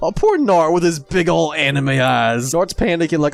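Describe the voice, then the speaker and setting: Animated, excitable man gushing over comics. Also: on the high side, normal speed, vocal fry, soft background music. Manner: excitable and gushing, laughs often. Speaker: video host. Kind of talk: casual commentary while reading comics.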